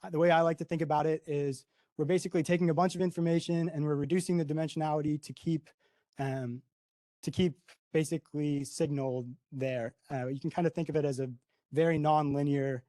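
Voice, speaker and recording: A man's voice: on the high side, fairly even intonation, fairly quick, mellow, no echo. A young man giving a conference talk, explaining slides casually with frequent ums and a questioning "right?". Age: young adult. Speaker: conference presenter.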